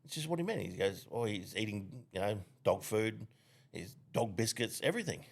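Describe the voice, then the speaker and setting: A man's voice: fairly low pitch, lively intonation, moderate pace, vocal fry. An Australian man co-hosting a podcast, telling rambling crude jokes with plenty of swearing and laughter. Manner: rambling joke delivery with frequent laughter and swearing. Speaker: podcast co-host. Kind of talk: casual crude joke-telling chat.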